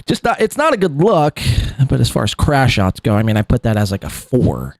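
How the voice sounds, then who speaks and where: A man's voice: medium pitch, huge pitch swings, fairly quick, gravelly, dry recording, studio quality. A man hosting a live podcast, rambling through clip commentary with lots of fillers and laughs. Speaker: podcast host.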